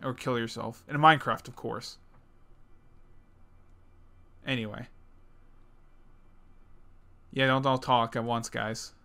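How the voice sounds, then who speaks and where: A young man co-hosting a podcast, making edgy jokes with sarcastic, deadpan asides in casual chat. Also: medium pitch, slow, gravelly, long pauses. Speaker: podcast co-host.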